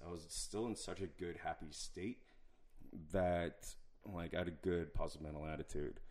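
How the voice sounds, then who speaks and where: A young man in casual chat, telling an animated, profane story full of quoted asides. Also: low voice, moderate pace.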